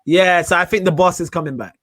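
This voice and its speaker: A man hosting a casual wrestling podcast, animated and laughing easily. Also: high voice, fast talker, dry recording. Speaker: podcast host.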